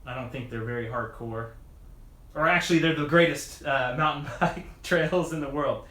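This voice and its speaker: Working on his bike during a live stream, a man answers his viewers' chat as a mountain bike video creator, rambling casually, chuckling often, and restarting with lots of fillers. He talks at a normal speed in a mid-range voice with a sharp tone, and the room sounds echoey.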